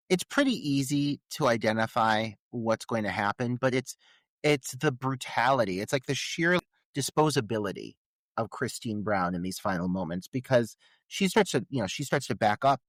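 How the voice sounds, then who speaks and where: Guy on a movie podcast, mid-pitch voice, dry close mic, lots of "like"s. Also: a bit bright, no room sound. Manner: conversational, many filler "like"s. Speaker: podcast co-host. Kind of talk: casual film discussion.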